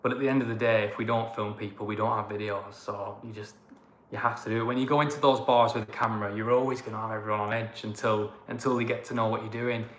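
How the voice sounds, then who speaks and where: This travel vlogger from Northern England talks fast as co-host of a livestream, his banter loose and rambling. He has a fairly low, slightly bright voice with fairly level intonation, heard in an echoey space with a faint ambient hum.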